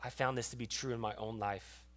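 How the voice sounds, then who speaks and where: A man's voice: mid-range voice, fairly even intonation, fairly quick. Man preaching a heartfelt sermon story. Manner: storytelling, emotional, drops to a hushed voice at tender moments. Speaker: pastor.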